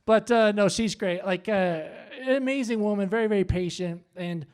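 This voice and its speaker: A man hosting a comedy show on stage, doing his stand-up set with punchy, animated delivery and asides to the crowd. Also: sits high, a little slow, clear, resonant tone. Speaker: stand-up host. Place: comedy club. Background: audience laughter.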